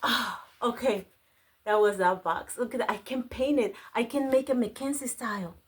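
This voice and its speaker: A woman whose first language is Spanish, excitedly chatting through a casual unboxing and gasping over each find. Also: fairly high pitch, normal speed. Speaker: vlogger unboxing a craft store grab box.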